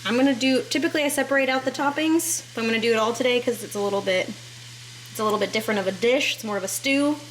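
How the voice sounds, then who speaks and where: A woman's voice: fairly high pitch, rapid-fire, a little hiss or hum. A woman food vlogger, bubbly and enthusiastic, giving a casual review of a dish at home in her kitchen.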